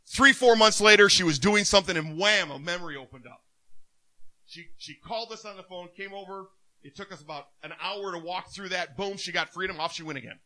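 High, bright-voiced male preacher. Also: fairly quick. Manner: animated storytelling, laughs often. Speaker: minister. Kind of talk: sermon.

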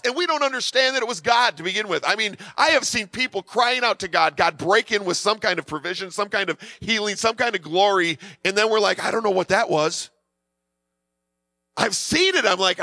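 A man preaching a sermon in a conversational way, acting out quotes and swinging from quiet to loud. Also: high-pitched, no room sound. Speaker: pastor.

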